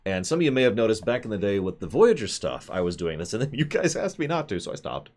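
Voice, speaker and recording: Low, lively rambling man hosting a stream. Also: fast. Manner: rambling, jokey, self-deprecating. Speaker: host. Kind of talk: casual chat on a video call stream. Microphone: video call.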